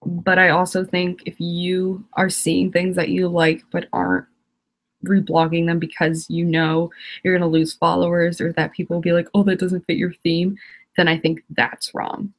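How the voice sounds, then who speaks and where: A woman's voice: on the low side, monotone, normal speed. A teenage girl ranting on a live stream, exasperated and rambling, laughing often. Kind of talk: casual live-stream rant.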